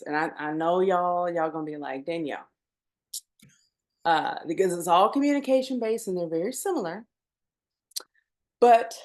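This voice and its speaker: A woman co-hosts a casual podcast chat in a fairly low, darkish voice. She talks things through unhurriedly and thoughtfully, dropping laughing asides along the way.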